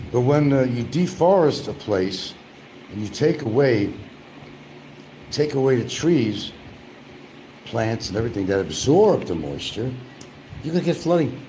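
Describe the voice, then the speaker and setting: A man's voice: mid-range voice, dark tone, slight background noise, rough recording. A man talking casually and rambling at home while he eats, grumbling about the news between bites. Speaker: vlogger. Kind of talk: casual eating vlog chat.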